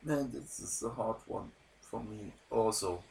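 A man hosts a podcast and calls the matches of an online wrestling show at an unhurried pace. He sounds deeply moved, stumbling through restarts and repeated words. A faint hum sits under his voice. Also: vocal fry. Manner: deeply moved, emotional delivery. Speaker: podcast host and commentator.

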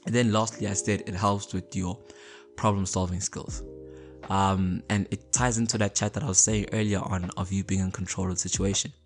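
Low-voiced man, casual motivational talk. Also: little pitch movement, normal speed, soft background music. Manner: conversational, repeats words, checks in with listeners. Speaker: podcast host.

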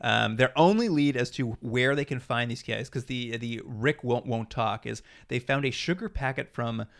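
A man in easygoing podcast chat, recounting TV scenes with lively play-acting. He drops into voices for the characters as he goes. His pitch sits in an ordinary middle range. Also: moderate pace, vocal fry. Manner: animated retelling, acts out characters' lines. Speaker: podcast co-host. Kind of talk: casual chat.

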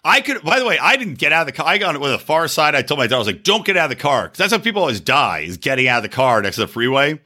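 Animated guy telling a story, acts out phone calls, swears a lot, bright and lively. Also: on the high side, racing, hardly any pauses. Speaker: podcast co-host. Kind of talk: casual storytelling chat.

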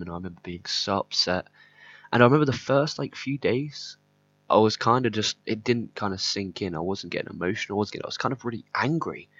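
Male podcast host, low-pitched, rambling and candid, dull lo-fi sound. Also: fairly bright tone. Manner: candid, rambling, swears often. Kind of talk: personal podcast monologue. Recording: slightly dull lo-fi audio.

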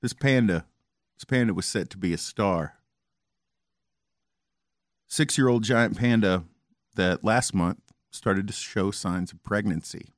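Dry-humored man with a low voice. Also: unhurried, pauses often, dry recording. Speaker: podcast co-host. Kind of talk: casual chat.

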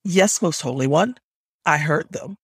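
A frightened young woman acolyte answers her superior with careful respect, as a man reads her. She works to keep her voice steady. The voice is a little high and husky, on a dry recording. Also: measured pace, dry recording, full character voice. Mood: submissive. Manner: respectful, trying to sound steady.

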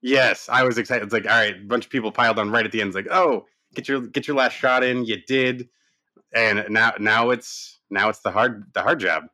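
Laid back podcast cohost guy, low voice but real punchy and bright, laughs a lot. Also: fairly even intonation, brisk, no echo. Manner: easygoing, upbeat, laughs often. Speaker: podcast co-host. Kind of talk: casual chat.

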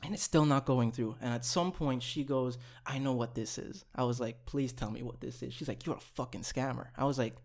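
A young man casually telling a long story on a podcast, animated, swearing and laughing as he goes. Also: medium pitch, fairly quick, creaky, hardly any pauses.

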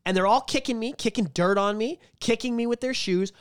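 Fast-talking, cursing man. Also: extremely high pitch, clear, resonant tone, no echo, studio quality. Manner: profane, animated storytelling with put-on voices. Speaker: podcast co-host. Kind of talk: casual chat.

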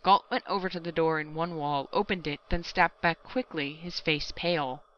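Bright clear woman reading a story. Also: sits low, fairly even intonation, moderate pace, lo-fi sound. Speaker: audiobook narrator. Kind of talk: scripted narration.

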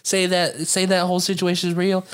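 A woman's voice: on the low side, completely flat delivery, a little fast, smooth. A woman co-hosting a podcast in casual chat, crude and joking, laughing a lot. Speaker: podcast co-host.

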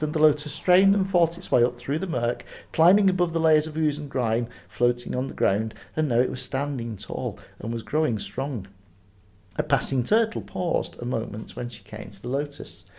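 A man's voice: medium pitch, animated, moderate pace, gravelly, dark tone. A man hosting a mindfulness podcast, chatting and then reading a story aloud. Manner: friendly, chatty, with ums. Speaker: podcast host.

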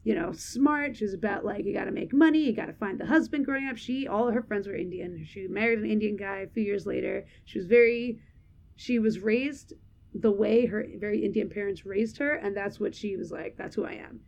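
A young woman co-hosting a casual podcast, her voice sitting at an ordinary middle pitch. She talks frankly and rambles, stacking up fillers as she goes. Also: fairly quick, gravelly, darkish tone. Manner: candid, rambling with many "like"s, laughs often. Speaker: podcast co-host. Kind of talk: casual chat.

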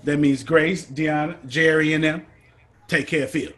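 A man with a somewhat high voice teaches a group over a video call. He talks in an emphatic, preachy, folksy way. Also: fairly even intonation, moderate pace, a bit bright. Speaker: teacher leading a study group.

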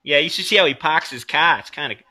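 A man's voice: a little high, fast talker, a loud crowd. A man trading crude, profane jokes with a friend while streaming, laughing often. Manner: profane, laughing, joking in a rowdy voice.

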